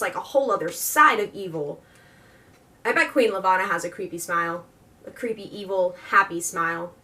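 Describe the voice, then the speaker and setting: A woman's voice: high-pitched, sharp tone, recorded from a distance. A young woman chatting about a book she loves, rambling and gushing with lots of filler words. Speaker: book vlogger. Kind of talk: casual book review chat.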